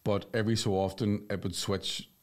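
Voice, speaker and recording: A man, co-hosting a podcast in crude, animated casual chat. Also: on the low side, normal speed. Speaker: podcast co-host.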